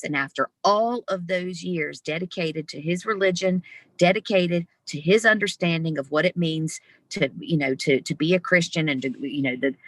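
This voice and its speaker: A woman being interviewed over a video call, telling a personal story in a lively, expressive way. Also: lowish voice, no room sound. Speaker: interview guest. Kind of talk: storytelling in conversation.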